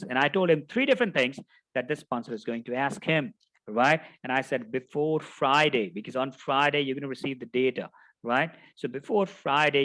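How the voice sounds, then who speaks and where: A man's voice: mid-range voice, fairly bright tone, no room sound, rough recording. A middle-aged man, a project management instructor, teaching through a story and often tagging his sentences with "right?". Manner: anecdotal, tags sentences with "right?". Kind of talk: storytelling lecture.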